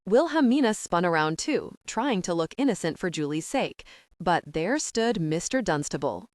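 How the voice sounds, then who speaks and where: A woman narrating a young-adult audiobook in an animated, characterful storytelling manner. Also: mid-range voice, no room sound, clean studio sound. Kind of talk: scripted narration.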